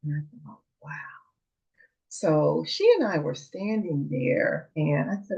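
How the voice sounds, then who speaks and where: A woman hosting a parenting channel, calmly retelling something that happened to her, with the dialogue acted out. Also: on the low side, a little slow, gravelly. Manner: earnest, calm retelling with quoted dialogue. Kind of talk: storytelling monologue. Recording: dull lo-fi sound.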